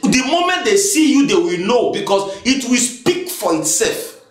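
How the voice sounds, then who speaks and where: A man with a Nigerian English accent preaching a sermon, emphatic and repetitive, bursting into shouts. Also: extremely high pitch, very animated, moderate pace, reverberant.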